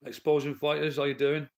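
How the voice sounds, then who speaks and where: Blunt male streamer, slightly high voice, swearing and ranting at chat from his lounge. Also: gravelly. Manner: blunt, profane, heated. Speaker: livestreamer and commentator. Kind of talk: live stream rant to chat. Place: his living room at home.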